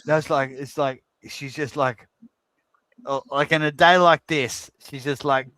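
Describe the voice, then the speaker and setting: A man's voice: on the high side, fairly even intonation, unhurried, sharp tone, dry recording. A man chatting casually as a football fan, rambling with lots of fillers. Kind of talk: casual chat.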